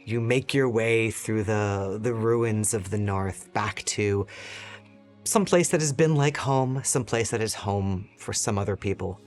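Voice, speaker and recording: A man running a tabletop role-playing game as game master, giving descriptive, unhurried narration with quick asides. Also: fairly low pitch, faint music behind.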